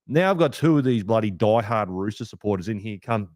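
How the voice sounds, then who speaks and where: A young Australian man hosting a fan podcast, ranting heatedly with plenty of swearing, a little rough from a hangover. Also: lowish voice, a little fast, dry recording, clean studio sound. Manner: heated, sweary rant with lively swings. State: hungover, rough voice. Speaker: podcast host. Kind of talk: fan podcast match review.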